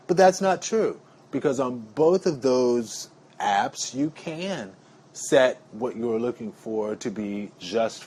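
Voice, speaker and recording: A man's voice: medium pitch, darkish tone, a little hiss or hum. A man talking casually to his viewers in a rambling, chatty monologue, calling them y'all. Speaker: vlogger.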